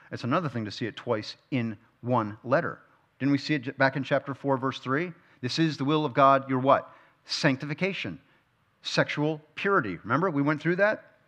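A man's voice: medium pitch, fairly bright tone. A man teaching a verse-by-verse Bible study. He keeps asking his listeners questions and repeats key phrases for emphasis. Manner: asks the listeners frequent rhetorical questions.

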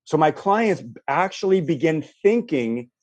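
In an unhurried, fairly high-pitched voice, a male life coach guides a guest through a visualization, and the high frequencies are cut off. He stays animated throughout this coaching talk, acting out what people say in response.

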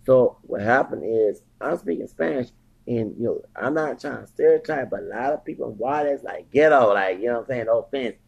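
Man in his forties, heavy gravelly fry, husky, rambling podcast talk with Spanish slipped in, dull lo-fi sound. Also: mid-range voice, fairly quick, a little mellow. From Houston, Texas. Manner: rambling, switches into Spanish, frequent fillers. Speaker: podcast host. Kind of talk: casual monologue. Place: at home, near the kitchen.

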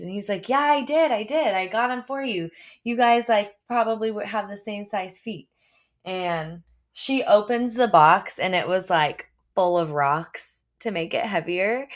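Slow, low-voiced young woman telling stories. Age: young adult. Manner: laughs often, chatty with fillers. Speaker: teacher and podcast host. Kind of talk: casual storytelling.

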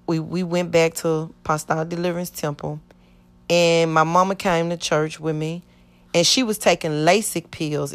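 Middle-aged woman, low-ish voice, earnest rambling testimony, voices the people in her story. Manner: earnest, rambling, acts out quoted speech. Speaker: church member giving testimony.

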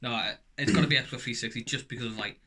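A man's voice: mid-range voice, fast, bright, forceful tone, slightly rough. A young man co-hosting a podcast, blunt and sweary in casual banter. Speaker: podcast co-host.

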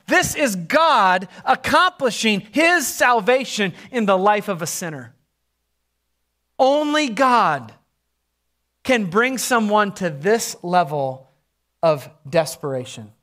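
A male pastor in his forties preaching a sermon, swinging from loud emphasis to hushed near-whispers and stretching key words slowly. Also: sits high.

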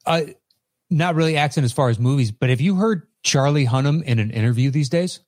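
A man's voice: a little high, a little fast, a little mellow, no room sound, clean studio sound. A man co-hosting a podcast over a video call, chatting casually in a laid-back way and trailing off. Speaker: podcast co-host. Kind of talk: casual chat.

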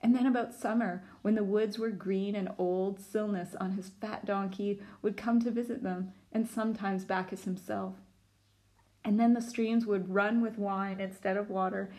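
A woman's voice: medium pitch, darkish tone. A woman teacher reading a storybook aloud to children, with chatty asides to her listeners.

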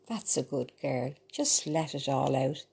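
A woman reading the lines of a homely, proud older mother in a storybook, slow and low. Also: expressive, vocal fry, a little mellow, husky, exaggerated voice. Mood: motherly.

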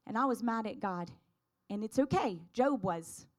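A woman with a high voice shares a personal faith testimony. She speaks earnestly and fervently, building to emphatic declarations. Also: animated, moderate pace.

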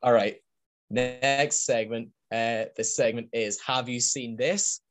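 A man's voice: mid-range voice, steady tone, slow pace, fairly bright tone, slight background noise. Chatty, enthusiastic man hosting a podcast. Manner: enthusiastic, laughs often, rambling. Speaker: podcast host. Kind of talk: casual podcast chat.

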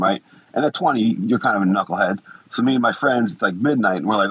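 This guest, a man in his forties, is fast and husky, with a lowish but fairly bright voice, telling blunt, profane stories in a casual way. He swears a lot and acts out what people said. The recording is muffled, with no echo.

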